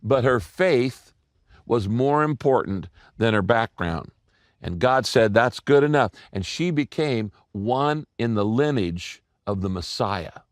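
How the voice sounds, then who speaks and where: An older man, a pastor preaching a sermon, telling stories and repeating key lines slowly for emphasis. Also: medium pitch, dry recording, studio quality.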